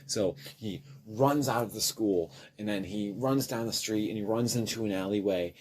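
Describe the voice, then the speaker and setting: A man retelling a silly story for a storytelling game in an offhand, deadpan way, correcting himself as he goes. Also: fairly low pitch, normal speed, breathy edge. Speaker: storyteller in a narrative telephone game. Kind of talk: improvised comic storytelling.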